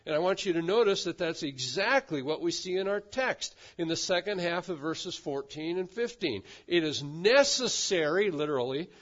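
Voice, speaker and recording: A man's voice: a little high, animated, normal speed, hardly any pauses. A pastor giving a sermon, talking conversationally and asking his congregation questions. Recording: dull lo-fi sound.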